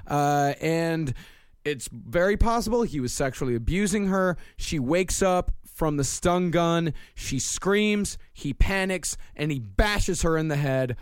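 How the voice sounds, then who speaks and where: Guy recapping a murder case on a podcast, kinda high voice, cusses a lot, dry mic. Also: expressive, unhurried, clear, resonant tone, no room sound. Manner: profane, explanatory storytelling. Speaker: podcast host. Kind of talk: casual true-crime chat.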